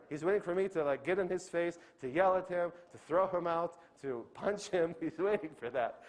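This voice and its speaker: A man's voice: on the high side, a little mellow. A man, a doctor giving an earnest religious lecture, who asks the audience questions, answers them himself and often checks in with "okay?".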